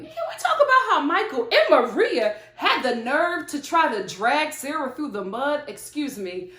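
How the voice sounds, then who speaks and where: A woman's voice: sits high, big pitch swings, a little slow, few pauses, a bit bright. A woman giving blunt, emphatic, casual commentary on a reality show, speaking straight to its cast in colloquial terms. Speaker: reality TV reviewer. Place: home filming setup with studio lights. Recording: roomy echo.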